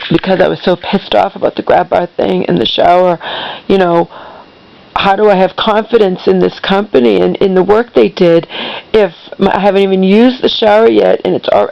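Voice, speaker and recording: A woman vents on her vlog in a heated monologue, swearing and circling back to the same complaints. Her voice has a gravelly, fried edge. The recording sounds dull and lo-fi. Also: fairly low pitch. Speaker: vlogger. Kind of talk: angry venting monologue.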